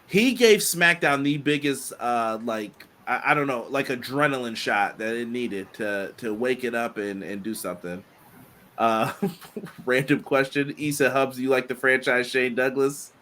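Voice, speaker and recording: A man co-hosting a casual wrestling podcast, animated and quick to laugh and tease. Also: medium pitch, slight background noise. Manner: animated, laughs often, playful teasing. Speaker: podcast co-host.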